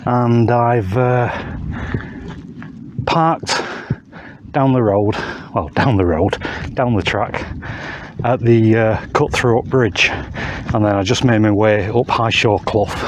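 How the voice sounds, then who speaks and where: A man's voice: on the low side, slow, slight background noise. Hiking vlogger, man, easygoing pace, chatty and self-deprecating, puffing a little, handheld camera outdoors. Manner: chatty, with fillers and self-mocking asides. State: a bit out of breath from walking uphill. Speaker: wild camping vlogger. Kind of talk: casual vlog while hiking. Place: outdoors on hillside moorland.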